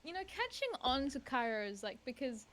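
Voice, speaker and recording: Higher-voiced woman describing her character. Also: sing-song, a little fast, a bit bright. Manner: rambling, searching for words. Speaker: player. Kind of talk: casual tabletop game narration.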